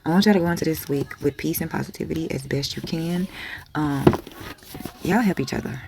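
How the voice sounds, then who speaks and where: Woman vlogging, gravelly voice, open and emotional, cusses casually. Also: low voice, a little fast, slight background noise. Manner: frank and emotional, with hushed asides and casual swearing. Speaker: spiritual vlogger. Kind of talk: candid motivational talk.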